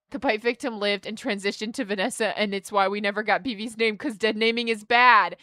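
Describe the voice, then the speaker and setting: Excitable young woman streamer, smooth voice. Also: medium pitch, moderate pace, hardly any pauses, no echo, studio quality. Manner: excitable, gasps and squeals at good pulls, earnest and affectionate to chat. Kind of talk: casual chat while opening trading cards on a charity stream.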